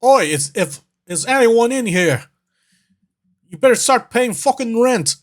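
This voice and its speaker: A man putting on a loud, cursing mock-British bloke. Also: extremely high pitch, animated, measured pace, pitched above the performer's own voice. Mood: shouting. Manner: shouty, repetitive cursing. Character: rowdy swearing British man, fearless and annoyed.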